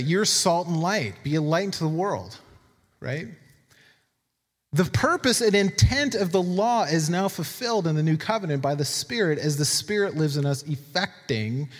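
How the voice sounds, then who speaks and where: A man's voice: on the high side, fairly bright tone, long reverb tail. A man preaching a sermon in a conversational way, reading scripture aloud with emphatic asides and repeating words for emphasis. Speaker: pastor.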